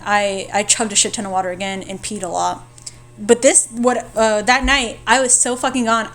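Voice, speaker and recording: A young woman co-hosting a podcast, telling a story in casual chat, laughing and swearing freely. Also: fairly high pitch. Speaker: podcast co-host.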